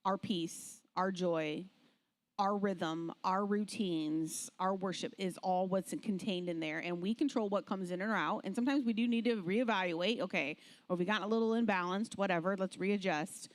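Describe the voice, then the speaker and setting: A woman's voice: medium pitch, normal speed. A woman on a church panel speaking in an emphatic, encouraging way.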